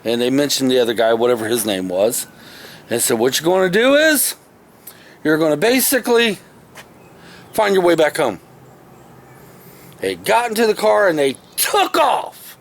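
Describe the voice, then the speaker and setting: Gravelly, fairly high-voiced man telling a story. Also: sing-song, moderate pace, pauses often. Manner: rambling, folksy, self-correcting. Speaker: vlogger. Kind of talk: casual storytelling. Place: outdoors in the shade of a tree. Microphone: camera he is handling himself.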